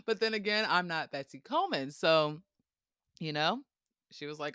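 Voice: mid-range voice, lively intonation, a little slow, pauses often, bright, forceful tone, smooth, no echo, studio quality. A podcast host telling history in a casual, playful way, with joking asides and frequent laughter.

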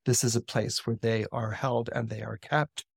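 A man voicing an ancient, serene male high lama who speaks slowly and gravely in a story retelling. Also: flat delivery, no echo, clean studio sound. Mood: calm solemn.

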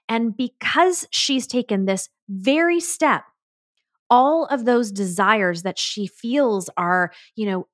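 A woman's voice: fairly high pitch, no room sound. An enthusiastic woman delivers a solo podcast monologue with emphatic, motivational energy. Her voice is recorded dry and close, with no room sound around it. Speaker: podcast host and business coach.

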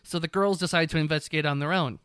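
Brief: young male co-host, lively storyteller, swears a lot, clear voice on the higher side. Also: fast talker, no room sound, clean studio sound. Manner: animated storytelling, swears freely, acts out characters. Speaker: podcast co-host. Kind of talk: casual recap chat.

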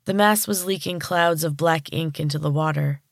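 A woman podcast host reading a story aloud in calm, even narration. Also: low-pitched, normal speed, vocal fry, no room sound, clean studio sound.

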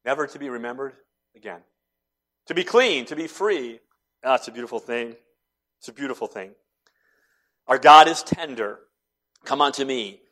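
A man preaching a sermon as pastor, building to loud impassioned cries and then dropping to soft, tender tones. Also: mid-range voice, lively intonation, moderate pace, long pauses.

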